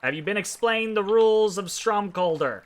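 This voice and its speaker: A man's voice: sits high, lively intonation, normal speed, pitched above the performer's own voice. A man voicing a businesslike goblin clerk who makes formal announcements in a tabletop game. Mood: official.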